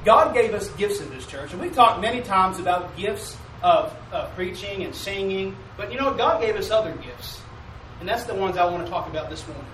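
A high-pitched male pastor delivers a homey sermon, pausing often to draw "Amen" from the congregation. His voice echoes around a church sanctuary, heard from a little way off the mic. A faint room hum runs underneath. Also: lively intonation, fairly bright tone, distant mic. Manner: preaching call-and-response, asking "Amen?"; drawls mock King James commandments slowly.

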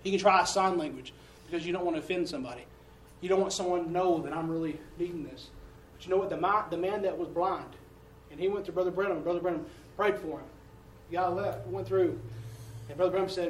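A man preaching a sermon in a folksy storytelling way, swinging from loud to hushed. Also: high voice, quick pace, a little hiss or hum. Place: church sanctuary. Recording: echoey room heard from a distance.

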